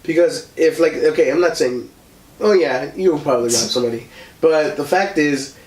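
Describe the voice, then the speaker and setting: A young man whose voice sits on the high side speaks at a moderate pace, far from the mic in an echoey room. Hosting a casual podcast, he tells a story with lots of likes and ums, bringing its characters to life through acted-out voices.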